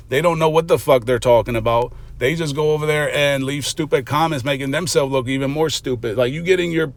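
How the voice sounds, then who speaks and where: A man's voice: a little high, fairly bright tone, no echo. A man giving a blunt, profane reaction commentary, mocking and lecturing as he talks. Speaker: reaction vlogger.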